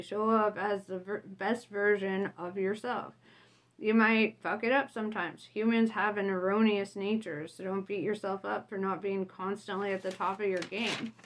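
A woman vlogger reading her own written reflection in a casual, unpolished way. She is blunt and forthright, laughs often, and keeps checking in with the listener. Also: medium pitch.

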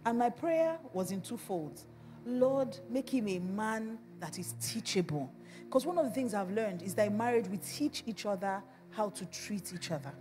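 A woman pastor with a Nigerian accent, preaching a sermon and telling stories in an animated way, laughing along. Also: a little high, long reverb tail, slight background noise. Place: church.

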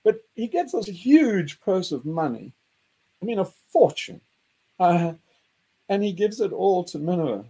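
Excitable husky man, lively pitch. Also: measured pace. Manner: excitable, laughing, mocking, acts out quotes with jumps in pitch. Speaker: host. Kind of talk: animated group discussion.

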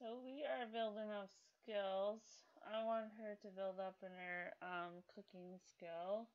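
A woman in her middle range talks unhurriedly through her gameplay, filling gaps with ums and stopping to scold her characters out loud. The recording is dull and lo-fi, like a basic home mic. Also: medium pitch, fairly even intonation, slow pace. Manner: rambling with many fillers, scolds game characters aloud. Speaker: gaming video host. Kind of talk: casual gameplay commentary.

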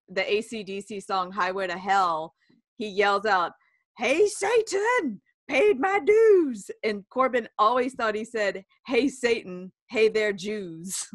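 A woman's voice: mid-range voice, a bit bright. A woman co-hosting a podcast in casual comedic chat, blunt and joking as she steers the segments. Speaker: podcast co-host.

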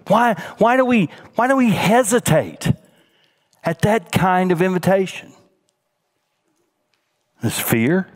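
A middle-aged male senior pastor preaching a sermon, swinging from emphatic raised lines to soft, hushed ones. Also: high voice, sing-song, a little slow, pauses often.

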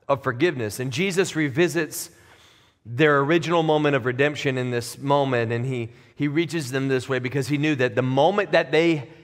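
A man's voice: a little high, big-room sound. A man preaching a sermon as pastor, in a conversational, plain-spoken way that builds to emphatic peaks. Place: church sanctuary.

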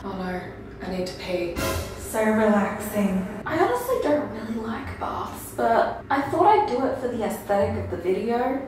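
A woman's voice: a little high, sing-song, normal speed. A woman in her twenties chatting casually in a bubbly, gushing vlog style. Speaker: vlogger. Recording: echoey room with background music.

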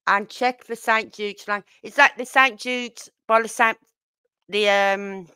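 A woman's voice: mid-range voice, steady tone, takes it slowly, bright, forceful tone, clear, resonant tone, dry recording. A woman hosting a casual commentary livestream, emphatic and repeating her points. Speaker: livestream host.

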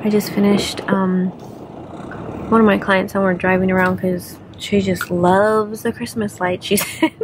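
A woman's voice: mid-range voice, level tone, measured pace. Chatty woman vlogging casually. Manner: rambling, frequent "like" fillers. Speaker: beauty vlogger. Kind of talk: casual vlog chat to camera.

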